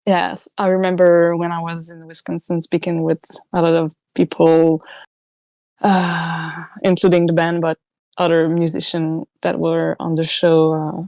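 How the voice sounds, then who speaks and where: Woman, French-Canadian accent, native French speaker, lowish voice, hesitant, dry close sound. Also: completely flat delivery, unhurried, darkish tone, no room sound. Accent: Québécois French. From Quebec, Canada. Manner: hesitant, searching for words, laughing often. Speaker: podcast co-host. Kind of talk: casual podcast chat.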